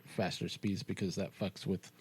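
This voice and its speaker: A man's voice: sits low, level tone, moderate pace, a little mellow, breathy edge, no room sound. A man co-hosting a casual podcast chat, laid-back and blunt, with casual swearing. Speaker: podcast co-host.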